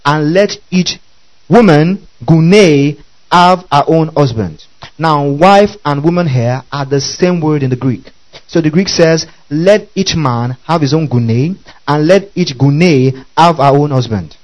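A man with a slightly high voice speaks slowly through poor audio, preaching a sermon that teaches from the Bible. He keeps checking whether the congregation is following, repeating his questions to them.

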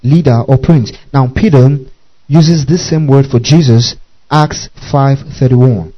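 A man's voice: medium pitch, measured pace. Man, preacher, sermon teaching, spells words letter by letter, calls for responses, muffled recording.

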